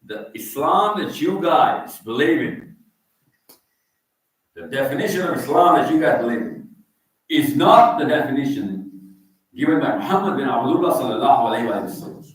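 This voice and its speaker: A man's voice: mid-range voice, expressive, moderate pace, long pauses. A man with a Pakistani accent, giving a teasing, provocative talk in a mosque and quizzing the crowd. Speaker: guest speaker. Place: large echoey mosque hall. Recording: echoey hall from far off.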